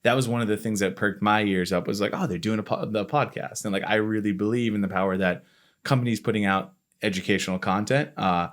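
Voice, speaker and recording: A man's voice: lowish voice, fast. A man in his thirties from Florida, hosting a casual interview and rambling through his story with self-mocking asides. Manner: rambling, self-mocking, acts out his own past thoughts. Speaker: podcast host, company marketing lead.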